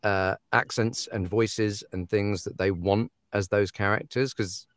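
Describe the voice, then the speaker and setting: An audiobook narrator talks in an easy, animated way, laughing as he goes. His voice sits on the low side, and the sound is dry and close with no room echo. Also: unhurried. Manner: animated, laughing, acts out quoted authors. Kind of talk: casual podcast chat.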